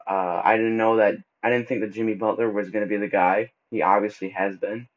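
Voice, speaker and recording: A man with a fairly low voice hosts a solo podcast in a loose, casual way. He stumbles and backtracks over his words and drops in relaxed slang. The recording sounds dull and lo-fi. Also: brisk. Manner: casual, stumbles and restarts often; laid-back slang like bro and dude. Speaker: podcast host.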